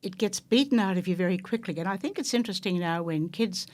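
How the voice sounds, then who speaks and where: A woman interviewing a radio host, asking brisk, eager questions and sometimes cutting in, in a radio studio. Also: lowish voice, darkish tone. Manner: brisk, eager questioner who talks over and apologizes. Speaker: guest interviewer.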